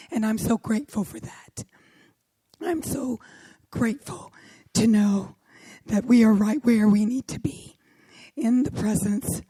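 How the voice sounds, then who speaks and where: A middle-aged woman minister with a hoarse, worn voice, delivering a sermon and often dropping to a whisper for emphasis. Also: a little high, dark tone, no room sound. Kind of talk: sermon with opening prayer.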